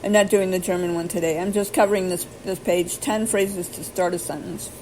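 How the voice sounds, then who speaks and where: Woman, lowish voice, rambling self-deprecating vlogger, faint hiss behind. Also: fairly even intonation, mellow, poor audio. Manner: rambling, self-deprecating, spells words out letter by letter; slow careful pronunciation attempts. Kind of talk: casual self-taught language practice.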